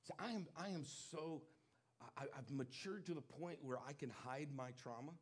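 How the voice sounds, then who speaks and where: A man delivers a sermon with a slightly raised pitch and a husky, breathy edge. He preaches emphatically and confessionally, pushing some lines out loud and dropping others to a hush. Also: moderate pace.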